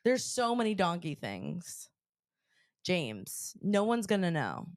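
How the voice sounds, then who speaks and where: A woman co-hosting a podcast, talking in a bubbly, rambling way with plenty of fillers. She is getting over an illness, and her pitch swings widely as she chats. The recording is close and dry. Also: big pitch swings, slow, dry recording. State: sick, recovering. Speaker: podcast co-host. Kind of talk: casual chat. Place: Connecticut.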